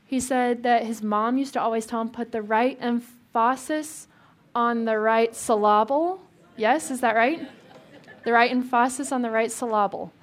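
Woman preaching in a chatty sermon voice. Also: on the high side. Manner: conversational, asks the congregation questions and jokes. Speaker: pastor.

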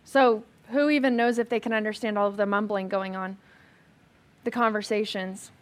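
A woman teaching a Bible passage to a live group in a casual sermon style. She is chatty and animated, with lots of "like" fillers and humorous asides. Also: mid-range voice, normal speed.

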